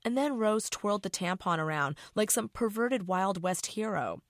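A woman's voice: medium pitch, lively intonation, normal speed, no room sound, studio quality. A middle-aged woman author reading her novel aloud in a casual, profane first-person voice.

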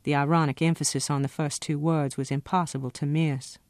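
A woman author reading from her own novel in a steady, expressive first-person narration. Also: deep voice, brisk, no echo.

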